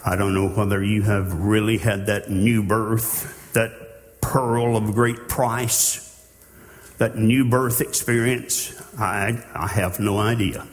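A man preaching a sermon in a slow, earnest way, with halting restarts. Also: lowish voice, little pitch movement. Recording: long hall reverb.

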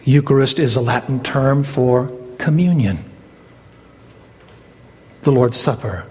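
A male pastor delivers a dramatic sermon in a mid-range, slightly mellow voice, taking his time. His voice climbs as he acts out the exchange between Jesus and Peter, and the recording carries a long hall reverb.

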